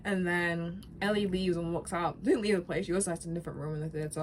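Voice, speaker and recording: A woman's voice: lowish voice, fast talker, slight background noise. Rambling young woman gushing about a game. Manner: rambling, self-correcting, animated. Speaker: gaming vlogger. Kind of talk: casual rambling chat.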